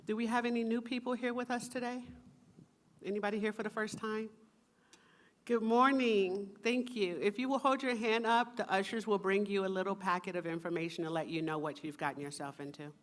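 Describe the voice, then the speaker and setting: A woman minister giving a sermon to a church congregation, soft and meditative, with playful asides. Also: medium pitch, fairly even intonation, brisk.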